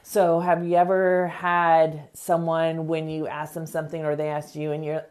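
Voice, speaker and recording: On her self-help podcast, a middle-aged woman speaks earnestly in a low, monotone, slightly mellow voice. Her motivational talk includes short examples she acts out in voices.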